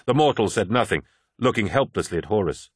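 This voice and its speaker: A man reads an audiobook narration in a steady, measured way. His voice sits on the low side. The recording is close and dry, with no room sound. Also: breathy edge, no room sound. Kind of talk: scripted narration.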